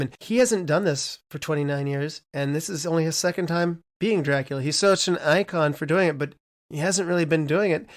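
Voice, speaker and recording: A man with a fairly high voice hosting a casual podcast. He steers the conversation with curious questions. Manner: inquisitive, asks questions to guests. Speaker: podcast host.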